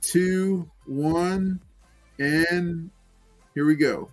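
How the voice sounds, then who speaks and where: Man, casual stream host, slightly high voice, faint music underneath. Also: steady tone, very slow. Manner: loose, joking, many fillers. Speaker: livestream host running giveaways. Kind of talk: casual chat.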